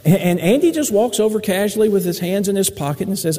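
A man's voice: high-pitched, expressive, fairly quick, dark tone, in a large hall. A man preaching a sermon, telling stories in a folksy way. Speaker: pastor.

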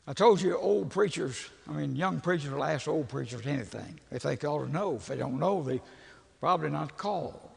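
An older man, preaching as a folksy, animated storyteller who laughs at his own jokes. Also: on the high side, normal speed, gravelly, husky. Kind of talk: storytelling sermon. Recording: echoey hall with long reverb.

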